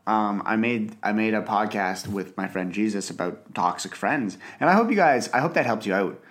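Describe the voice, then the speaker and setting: A man's voice: lowish voice, expressive, moderate pace, a bit bright. A young man hosting a casual solo podcast, rambling and self-deprecating, often restarting his sentences. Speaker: podcast host. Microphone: podcast mic, filmed for video.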